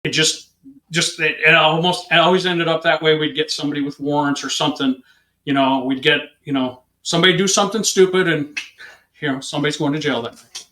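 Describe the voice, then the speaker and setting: A police officer in an interview tells an anecdote with lively energy, acting out each person in the story. His voice sits fairly high and moves briskly, and the room gives it an echo.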